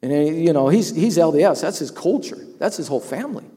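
A man's voice: fairly high pitch, expressive, fast talker, mellow, big-room sound. A man telling an emotional personal testimony about his workplace, laughing often and tearing up at moments. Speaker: business owner sharing a testimony.

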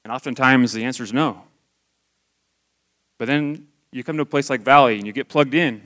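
A man's voice: medium pitch, normal speed, fairly bright tone. A man in his forties giving a candid, conversational testimony sermon to his church. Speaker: lay church speaker.

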